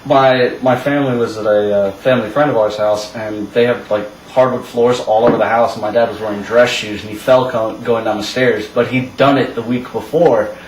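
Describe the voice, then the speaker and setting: Young male storyteller, rambling and chuckling, mid-pitch, recorded far off in an echoey room. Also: steady tone, moderate pace, hardly any pauses. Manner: rambling storyteller, laughs often. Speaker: co-host telling stories. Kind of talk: casual chat. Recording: echoey room, mic far off, faint hiss.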